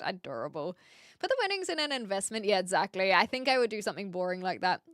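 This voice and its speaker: A woman's voice: medium pitch, very animated, fast talker, a bit bright, clear, resonant tone, no echo, clean studio sound. A woman from New Zealand with a British accent and a slight Australian twang, chatting casually as a streamer, reading viewer messages aloud and laughing often.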